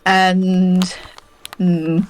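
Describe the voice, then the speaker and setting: A woman's voice: lowish voice, level tone. A woman playing in a tabletop game, thinking aloud as she decides her turn. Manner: slow, musing, thinking aloud. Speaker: player.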